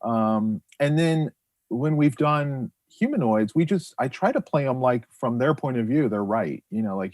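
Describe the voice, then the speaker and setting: Middle-aged man, podcast guest, animated rambling storyteller, dry close recording. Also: mid-range voice, unhurried, no echo. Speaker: guest author and illustrator. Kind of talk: casual podcast chat.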